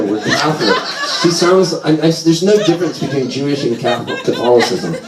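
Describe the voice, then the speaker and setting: A man's voice: fairly high pitch, lively intonation, fairly quick, few pauses. A middle-aged man telling rambling, profane stories on stage, acting out his parents' voices. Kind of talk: live comic storytelling. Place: bar with a live audience. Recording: echoey room, distant mic, crowd noise.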